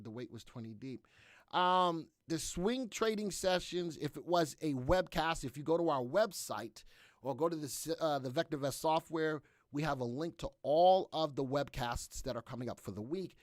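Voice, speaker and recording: A man's voice: a little high, dry recording, clean studio sound. A man hosting a live stock market analysis webcast, reading charts with exuberant, folksy exclamations and talking straight to his viewers. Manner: talks straight to viewers, asking for chat replies.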